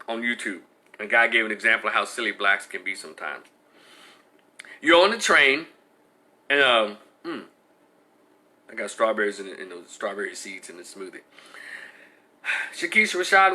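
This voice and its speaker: A man streams live, offering casual, spirited commentary, often restarting his thoughts while answering chat viewers. His voice is medium in pitch.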